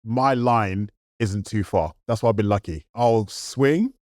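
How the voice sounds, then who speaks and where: A man's voice: lowish voice, unhurried, a little mellow, dry recording, clean studio sound. A man in casual chat as a podcast co-host, reflective, picking up speed when he makes a point.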